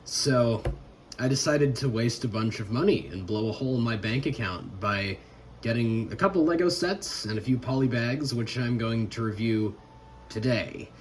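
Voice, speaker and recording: A man's voice: medium pitch, moderate pace, a little hiss or hum, poor audio. A tired man hosting a casual toy review vlog, chatty and rambling. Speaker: host.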